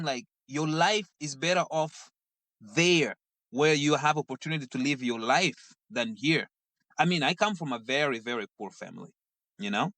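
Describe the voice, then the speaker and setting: A middle-aged man from Mozambique, a guest telling animated stories in casual conversation and acting out what his family said. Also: on the high side, dry recording. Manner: animated storyteller who acts out quoted family members. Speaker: guest, dancer.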